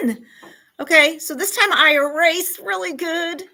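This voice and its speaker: A woman's voice: very high voice, moderate pace, low-quality recording. A woman leading a classroom lesson for fourth graders, acting out little scenes and often checking in with the children. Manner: animated, acts out scenarios, asks the class questions. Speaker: school counselor teaching a class.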